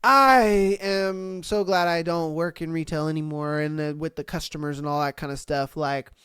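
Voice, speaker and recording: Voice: medium pitch, normal speed, clean tone, dry recording. Solo podcast host, casual and profane, reads posts out and riffs on them. Dry, close mic. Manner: profane, animated, slangy, acts out the people in the stories. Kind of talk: casual storytelling, reading out and reacting to posts.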